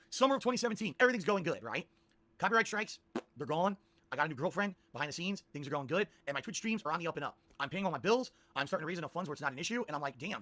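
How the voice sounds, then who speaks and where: Fast, bright-voiced male streamer rambling. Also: a little high, no echo. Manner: animated, restarts and repeats himself. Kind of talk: rambling storytelling to stream viewers.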